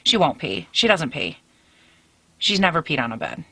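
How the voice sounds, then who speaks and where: A woman in her late twenties talks straight to camera from her bedroom, chatty and upbeat, and she calls her viewers "girl." Her voice sits a bit low for a woman. The sound is close and dry, with almost no room in it. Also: very animated, normal speed, vocal fry, fairly bright tone, husky, no room sound. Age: late 20s. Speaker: beauty YouTuber. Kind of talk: casual vlog chat to camera.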